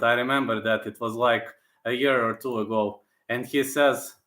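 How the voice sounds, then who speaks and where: A man chatting casually on a live stream, answering viewers and circling back to repeat his points. His voice is bright and forward. The room adds a noticeable echo. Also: mid-range voice, steady tone, moderate pace, few pauses. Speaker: channel host. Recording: roomy echo.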